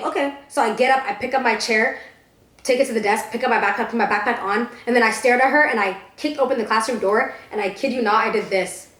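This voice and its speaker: Fast-talking young woman telling blunt stories. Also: on the high side, a bit bright, echoey room. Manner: blunt storytelling, frequent swearing. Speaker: podcast co-host. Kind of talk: casual chat.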